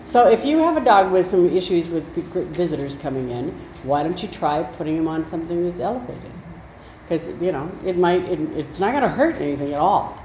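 Chatty woman dog expert, lower voice. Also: lively intonation, a little fast, warm tone. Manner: chatty, with storytelling asides. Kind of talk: conversational explaining. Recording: roomy echo, faint noise.

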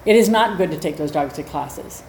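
A woman dog trainer teaching a class in a chatty, animated way, acting out little scenes as she explains. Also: lowish voice, fairly quick. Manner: animated, chatty, acts out quotes. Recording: roomy echo, faint noise.

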